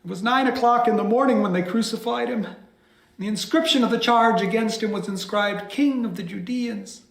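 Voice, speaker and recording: A pastor tells a scripture story from memory in a high, expressive man's voice. He builds the drama and sinks some lines into a hushed whisper. The sound carries the echo of a church room. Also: moderate pace, creaky. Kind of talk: by-heart biblical storytelling.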